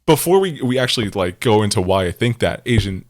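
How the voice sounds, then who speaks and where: A man's voice: lowish voice, sing-song, brisk. A man co-hosting a podcast in casual chat, rambling through his points with frequent laughter and casual swearing. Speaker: podcast co-host.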